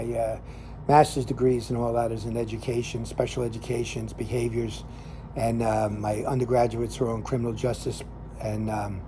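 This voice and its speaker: An older man with a Northern New Jersey accent talks in a loose, folksy ramble, full of fillers and restarts as he hosts a cigar chat. His voice is mellow and warm. A faint hum of room sound sits behind him. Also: medium pitch. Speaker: cigar show host and lay minister. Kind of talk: casual storytelling monologue.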